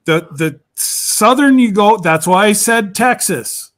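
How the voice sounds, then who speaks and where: A man's voice: high-pitched, expressive, slow pace, fairly bright tone. A man chatting casually on a video call, rambling and laughing often. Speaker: regular on a group chat show. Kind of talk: casual chat.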